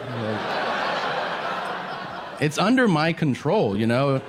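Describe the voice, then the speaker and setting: A man performs stand-up in a mid-pitched voice, crude and self-deprecating. He acts out both sides of his conversations as he tells the story. The live club recording is noisy, with audience laughter behind him. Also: sing-song, fairly quick, pauses often. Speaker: stand-up comedian. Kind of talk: stand-up comedy set.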